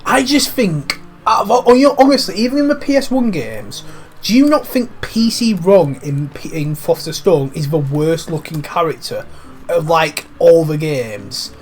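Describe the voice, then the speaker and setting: A man's voice: on the high side, lively intonation, moderate pace, faint music behind. A man with a cold, giving cheeky, rambling let's-play commentary over a video game. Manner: cheeky, rambling, swears lightly. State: has a cold. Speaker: gaming commentator.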